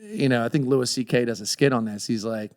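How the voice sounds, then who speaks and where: A man in his thirties chatting on a podcast, telling lively stories and acting out the voices of the people in them. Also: medium pitch, a little fast. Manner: animated storyteller, acts out voices in quotes. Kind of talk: casual chat.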